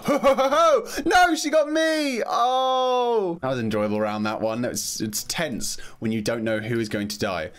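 A man commenting excitedly on a video game as he plays, jumpy and quick to laugh. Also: mid-range voice. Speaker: gaming video host. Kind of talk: gameplay commentary.

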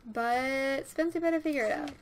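A woman giving casual let's-play commentary, chatty and easily excited, talking straight to her game characters. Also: sits high, moderate pace, a little hiss or hum. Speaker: gameplay commentator.

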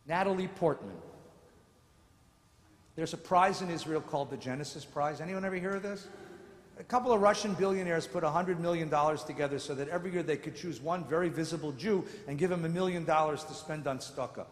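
A rabbi lectures in a fairly high, lively voice, moving between wry asides and pointed questions. The sound is roomy, with a long reverb trailing off the walls of a large sanctuary. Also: male voice, a little fast. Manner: animated, sardonic storytelling with mock voices. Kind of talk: lecture with humor.

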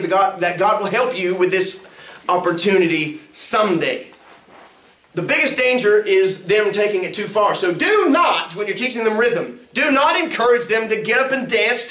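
A man, a pastor teaching a music ministry class in an animated lecture that swoops up and down in pitch. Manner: acts out sounds and quotes with big pitch jumps. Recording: roomy echo.

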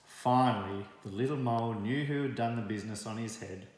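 Guy reading a kids' story, lively and expressive, middle pitch, really echoey room. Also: fairly quick. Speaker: storybook reader. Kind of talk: children's story read-aloud.

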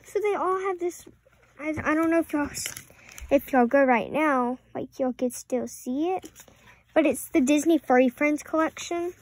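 A woman's voice: sits high, normal speed. A preteen girl, rambling through a casual vlog with many apologetic asides. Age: around 11 or 12. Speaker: vlogger.

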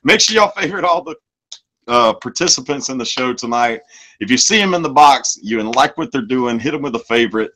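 Husky, rambling male show host. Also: medium pitch, lively intonation, bright, forceful tone. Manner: rambling, halting, laughing often. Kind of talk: live-streamed show hosting.

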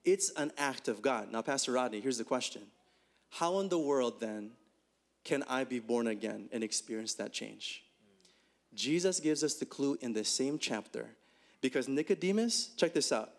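A man preaching a conversational sermon, asking rhetorical questions and swinging his pitch up and down as he talks. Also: normal speed. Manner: animated, rhetorical questions, swings between high and low pitch. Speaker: pastor.

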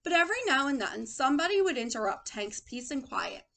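A woman's voice: sits high, sing-song, fairly quick, sharp tone. A woman teacher giving a lesson and reading a storybook aloud, asking the children questions and calling them friends.

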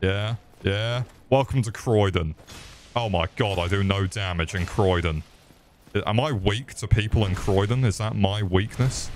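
A man's voice: on the low side, measured pace, slight background noise. A young man streaming a game, with crude jokes and chatter aimed at his chat. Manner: crude joking banter with chat. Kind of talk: casual gameplay commentary. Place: home room. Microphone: desk microphone.

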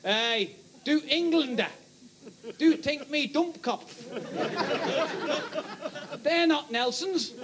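A man putting on a loud, mock German accent for a pushy tourist who speaks broken English, with live audience laughter around him. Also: very high voice, lively intonation, very slow, long pauses, a crowd in the background, background noise, pitched above the performer's own voice, heavily acted. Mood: indignant. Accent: put-on German.

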